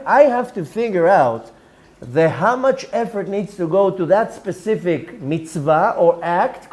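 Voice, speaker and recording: A man's voice: high-pitched, darkish tone. A man, a rabbi giving an earnest religious lecture, often repeating words and mixing in Hebrew terms.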